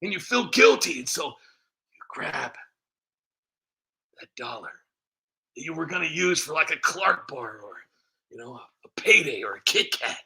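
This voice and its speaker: A man's voice: fairly high pitch, lively intonation, measured pace, creaky, long pauses, sharp tone. A man on his own comedy channel, rambling through a self-mocking comic rant.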